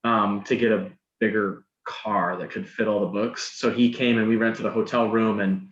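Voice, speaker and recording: A man's voice: on the low side, steady tone, moderate pace. A man guest on a podcast, telling a story casually, rambling, with many restarts and "like"s. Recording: roomy, dull sound.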